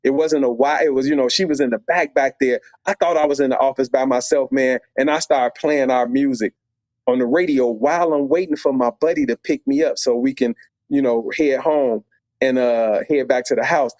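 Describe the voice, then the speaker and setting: A middle-aged man from Chicago telling a story as a podcast guest, animated and acting out voices. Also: medium pitch, moderate pace, dry recording. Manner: animated, acts out quoted voices.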